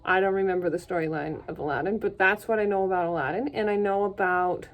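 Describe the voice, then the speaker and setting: A young woman from Canada chatting on her own in a casual vlog, rambling from one thought to the next and laughing at herself. Her voice sits at an ordinary middle pitch and she talks in a relaxed, self-deprecating way. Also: fast talker, lo-fi sound. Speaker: vlogger.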